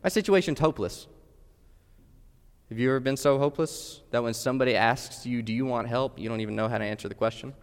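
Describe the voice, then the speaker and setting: A man's voice: medium pitch, steady tone, fast talker, hardly any pauses, clear, resonant tone. A man preaching a sermon, earnest and direct, putting questions straight to his listeners. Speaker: pastor. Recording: long hall reverb.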